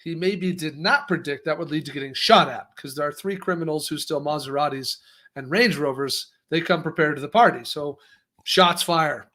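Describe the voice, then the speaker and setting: A man co-hosting a casual news breakdown, his voice sitting a bit higher than most. He tells the story in a lively, conversational way and often doubles back to restart a sentence. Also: normal speed. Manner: lively, acts out quotes, frequent restarts. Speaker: co-host.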